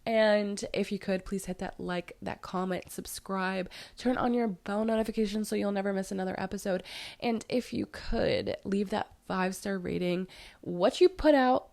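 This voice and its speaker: A young woman hosting her own podcast with a raspy, hoarse voice, giving earnest advice and repeating points for emphasis. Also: medium pitch, normal speed, darkish tone. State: hoarse, voice tired. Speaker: podcast host. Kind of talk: solo podcast talk.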